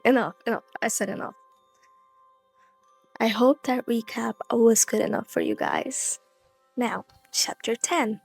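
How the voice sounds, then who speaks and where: A woman's voice: on the high side, gravelly. A young woman hosting her own audiobook reading, switching between a careful reading voice and chatty, blunt asides.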